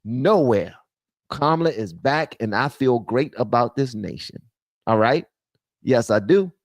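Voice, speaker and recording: A male streamer gives casual, off-the-cuff commentary to his live chat. His voice is animated and swings from loud ranting down to low muttering, with a lively, wide-ranging pitch. The sound is dry and close. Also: a little slow, dry recording.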